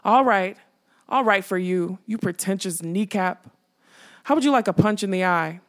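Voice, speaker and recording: A woman's voice: lowish voice, moderate pace, gravelly. A woman reading an audiobook, voicing a frustrated, urgent male magician. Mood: furious. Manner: urgent, exasperated.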